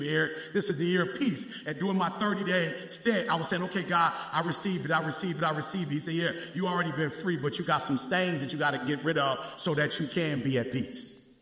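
High, bright preacher shouting in echoey hall. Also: male voice. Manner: call-and-response preaching, rising to shouts. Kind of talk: sermon.

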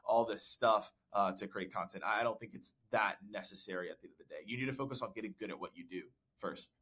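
Male podcast guest, quick delivery, bright tone, animated and laugh-prone. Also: on the low side, husky. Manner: laughs often, animated and talkative. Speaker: podcast guest, sales professional. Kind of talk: casual interview chat. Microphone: desk mic with content gear.

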